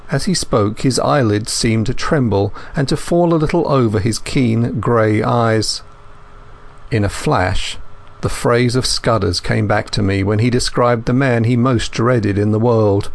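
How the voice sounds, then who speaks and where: A man reading a first-person thriller as an audiobook narrator, in a measured, steady manner. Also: medium pitch, creaky.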